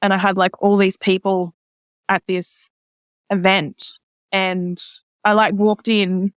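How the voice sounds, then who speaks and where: This woman, a podcast guest, tells a personal anecdote slowly and with flat delivery, her voice clear and resonant. She scatters "like" throughout and mimics others in a higher voice, and the clean studio audio has no echo.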